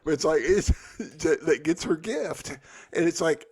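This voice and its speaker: A man's voice: on the high side, measured pace, a little mellow, husky. A man co-hosting a book podcast, chatting casually and wandering off into apologetic digressions. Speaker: podcast co-host. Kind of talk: casual chat.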